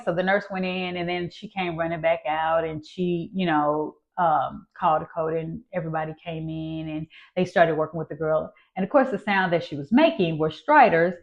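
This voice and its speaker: A woman in her fifties, a nurse, telling a personal story in a lively way and acting out her own past voice. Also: low-pitched, moderate pace, gravelly, few pauses, lo-fi sound.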